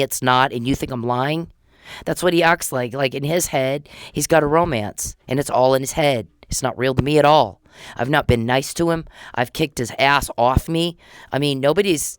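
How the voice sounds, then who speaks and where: A woman's voice: sits low, no echo. A woman from Texas hosting a solo podcast, talking in an agitated, repetitive rant. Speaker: podcast host.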